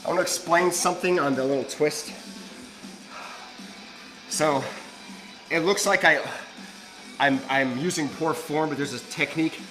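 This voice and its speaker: A man's voice: on the high side, unhurried, long pauses, sharp tone, faint music behind, rough recording. A man coaching a live gym workout, breathless between sets, explaining technique. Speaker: fitness coach.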